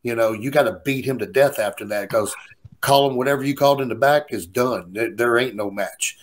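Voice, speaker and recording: A man's voice: mid-range voice, fairly quick. A man casually telling a story in a rowdy, profane way. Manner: profane, animated, laughing storyteller. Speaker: guest storyteller.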